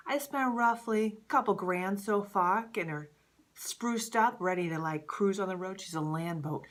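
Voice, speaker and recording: A woman in her thirties talking straight to camera in a casual vlog as a life coach, animated and profane, peppering her talk with "like". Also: medium pitch, normal speed. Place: Southern California.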